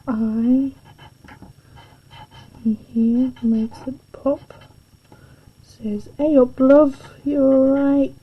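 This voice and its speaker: Slow, husky woman tutoring. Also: fairly high pitch. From England. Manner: soft-spoken, drifting into half-whispered asides as she works. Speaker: art tutor. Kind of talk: drawing tutorial narration. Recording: dull lo-fi home recording.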